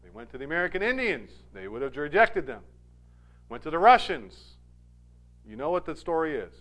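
A Scottish man preaching a sermon, telling stories in an animated, emphatic way. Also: a little high, a little fast. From Scotland.

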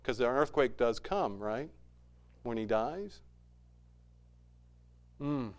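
A man preaching a sermon as pastor, moving from hushed, quiet passages to loud, fervent ones. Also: medium pitch, animated, takes it slowly.

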